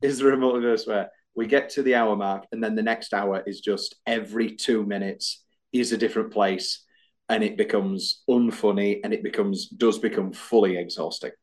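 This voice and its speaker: A young man co-hosting a film review podcast, chatting casually and jokily in quick bursts. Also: on the low side, fairly even intonation. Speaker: podcast co-host.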